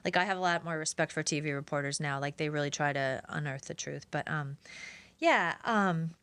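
Brief: woman guest, ex-crime reporter, lively storyteller, dry close mic. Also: a little fast, smooth, no echo. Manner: animated, acts out quotes with big pitch jumps. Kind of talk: casual storytelling interview.

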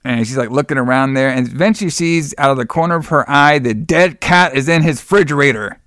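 A man's voice: mid-range voice, brisk, fairly bright tone, no room sound. Guy rambling thru a movie recap, swears a lot, dry close sound. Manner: rambling, profane, acts out quotes. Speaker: podcast co-host. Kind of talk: casual film review chat.

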